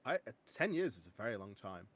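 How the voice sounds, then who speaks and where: A young man on a podcast, chatting excitedly and laughing easily as he tells stories. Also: fairly low pitch. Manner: excitable, quick to laugh, lively storytelling. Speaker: guest. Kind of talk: casual podcast chat.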